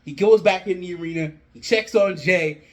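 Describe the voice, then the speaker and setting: A man in casual rambling chat, voice a bit higher than most guys, just spinning a story for his viewers. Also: moderate pace. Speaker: wrestling fan vlogger. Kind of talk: rambling fan booking commentary.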